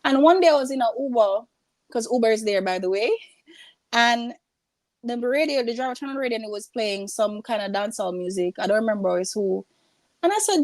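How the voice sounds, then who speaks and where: A Jamaican businesswoman, a guest entrepreneur in a casual interview, tells stories with animation and acts out the voices of the people in them. Her voice is on the high side and brisk, and the recording is dry.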